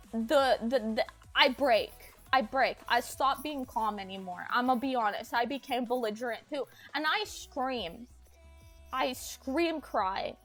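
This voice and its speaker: A woman's voice: high voice, fairly bright tone. A young woman streamer telling an upsetting family story, agitated and swearing, often raising her voice to replay arguments. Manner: agitated, swears, acts out quotes in raised voice. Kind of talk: emotional storytime chat.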